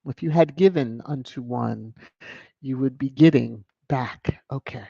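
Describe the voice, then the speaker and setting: A man hosting a live stream, reading viewer comments in a casual, animated way with laughs and sudden high exclamations. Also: moderate pace, vocal fry, dry recording, dull audio. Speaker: livestream host reading chat.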